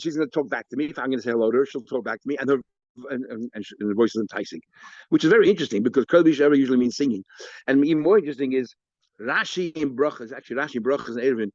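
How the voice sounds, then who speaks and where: A man, a rabbi, teaching an informal Talmud lesson, explaining in quick stop-start bursts with many repeated words and restarts. He acts out the sages' exchanges in a raised, mocking pitch. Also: darkish tone, dry recording. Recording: dull, lo-fi lecture recording.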